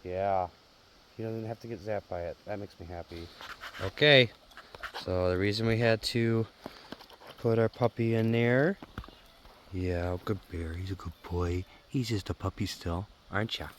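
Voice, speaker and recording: Low-voiced man chatting fondly with his dogs. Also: fairly even intonation, normal speed, a little hiss or hum. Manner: fond, playful, talks to his dogs in a coaxing sing-song. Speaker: vlog host. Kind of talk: casual chat. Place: outdoors on a farm.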